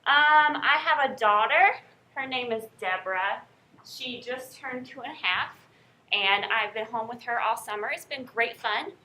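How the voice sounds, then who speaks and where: A woman's voice: a little high, measured pace, sharp tone, slight background noise. A young woman from North Carolina with a Southern accent, a college professor chatting upbeat with her class and calling roll in a classroom. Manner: upbeat, chatty, checks in with "okay?". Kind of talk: first-day class introduction and roll call.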